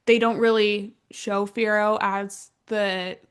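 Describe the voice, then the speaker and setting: A woman's voice: mid-range voice, level tone, slow pace, smooth. A young woman co-hosting a podcast in casual chat, chiming in with eager agreement and her own anecdote. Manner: chatty, eager agreement and asides. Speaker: podcast co-host.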